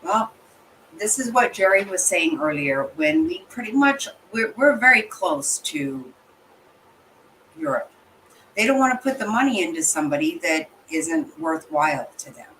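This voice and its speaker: A woman's voice: medium pitch, animated, measured pace, a bit bright, slight background noise, low-quality recording. A woman reacting in casual chat, blunt and outraged, swearing freely. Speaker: channel host reacting to a livestream guest.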